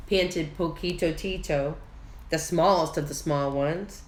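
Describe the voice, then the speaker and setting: Slow, expressive woman reading a storybook. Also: low-pitched. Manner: slow, expressive read-aloud with character voices. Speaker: children's story reader. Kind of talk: reading a picture book aloud to kids. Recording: echoey room.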